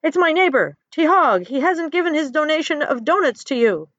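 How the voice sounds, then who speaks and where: A woman voicing a frightened peasant who yells out news in a storybook reading. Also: sits high, lively intonation, moderate pace, no echo, dull audio, pitched above the performer's own voice. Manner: panicky, yelling.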